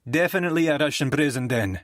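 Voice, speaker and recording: A man voicing an angry, foul-mouthed female prosecutor with a rasping voice on a phone call in an audiobook. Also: a little high, animated, fast talker, a bit bright, no room sound, studio quality, voice pushed up. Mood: curt. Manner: swearing, scornful, raucous. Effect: heard over a phone line. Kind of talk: audiobook character voice.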